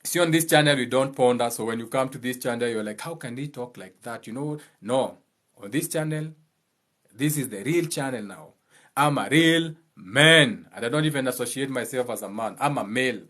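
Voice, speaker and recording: A man's voice: medium pitch, fairly quick. A man hosting his channel, giving a blunt, impassioned monologue full of profanity and repeated phrases for emphasis. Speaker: channel host.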